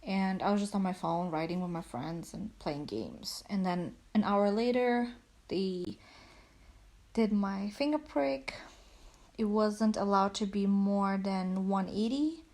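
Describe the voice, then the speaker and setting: A woman's voice: mid-range voice, takes it slowly, a little mellow. A young woman chatting casually at home, a little out of breath, rambling with lots of "like"s. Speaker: vlogger. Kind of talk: casual chat. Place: at home on a couch.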